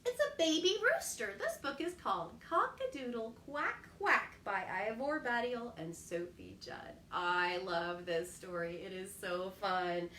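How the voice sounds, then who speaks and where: A woman hosting a children's storytime, reading aloud in an animated, exclamatory way and asking the children questions. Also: mid-range voice, unhurried, hardly any pauses, roomy sound, recorded from a distance, a little hiss or hum. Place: home kitchen.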